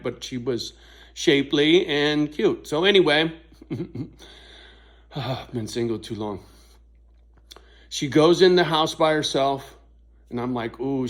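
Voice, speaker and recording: Middle-aged vlogger, loose and profane, rambles through an anecdote with a plain everyday voice. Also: male voice, medium pitch. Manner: rambling, profane, frequent "right?" asides. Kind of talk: casual storytelling to camera.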